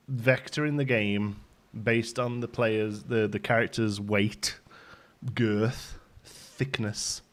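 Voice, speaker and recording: A man hosting a casual live stream, greeting viewers by name and rambling with ums while out of breath. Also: medium pitch.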